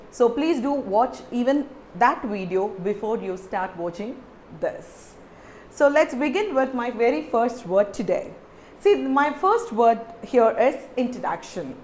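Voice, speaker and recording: Indian-accented woman teaching pronunciation, animated. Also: on the high side, slight background noise. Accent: Indian English. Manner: instructive, repeats words and spells them out. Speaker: English pronunciation trainer. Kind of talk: teaching lesson to camera.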